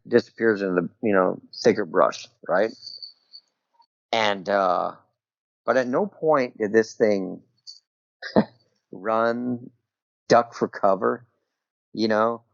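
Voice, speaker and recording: A middle-aged military veteran telling a personal story as a podcast guest, talking loosely and peppering it with "you know" and "right?". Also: male voice, fairly low pitch, slow pace, vocal fry, pauses often, no echo. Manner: rambling, full of "you know" and "right?" tags. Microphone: remote call over Skype. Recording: dull, dry call audio.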